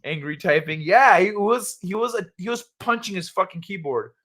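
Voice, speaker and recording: This livestream host has a high voice and talks at a normal speed, hanging out with viewers late at night. Laughing often and cursing freely, he recounts stories and mimics the people in them with lively voices, all while chatting with the live chat.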